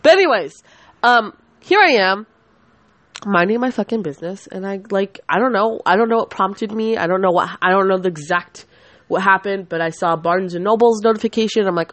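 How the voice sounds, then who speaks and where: This podcast host is a woman in her twenties whose medium-pitched voice is expressive and brisk, recorded with no room sound. Her casual monologue is an angry vent, full of rambling, profanity, and sentences she abandons halfway.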